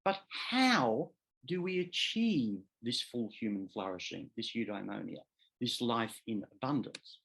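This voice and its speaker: A man, a law professor, giving a measured academic seminar lecture that explains ideas step by step and sometimes corrects himself. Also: medium pitch, lively intonation, vocal fry, a bit bright, rough recording. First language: English. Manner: measured, explanatory, repeats key terms; occasional self-corrections.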